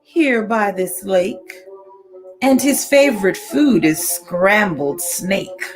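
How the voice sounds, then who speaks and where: A woman's voice: medium pitch, animated, slow pace, faint music behind. A woman voicing a clever little brown mouse in a storybook read-aloud, bold and matter-of-fact. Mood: cheeky.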